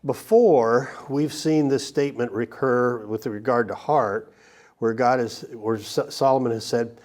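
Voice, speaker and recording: Man teaching a halting Bible lesson. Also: medium pitch, fairly even intonation, a little mellow. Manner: halting, many restarts and fillers.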